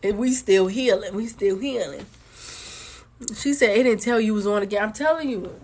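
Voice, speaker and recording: A woman's voice: mid-range voice, normal speed, a little hiss or hum. A woman doing a casual live stream card reading for viewers, with a sore throat and a held-back cough. She talks bluntly with lots of swearing and repeats her points for emphasis.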